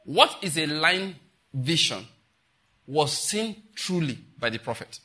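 Pastor preaching a sermon, man, very bright forceful voice, repeats phrases, scolds the congregation. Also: a little high, big pitch swings, takes it slowly.

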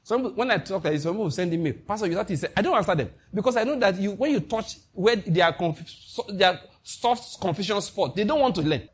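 A man with a Nigerian accent preaching a sermon as pastor, emphatic and animated, with Pidgin asides. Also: sits high, a little fast, few pauses, breathy edge.

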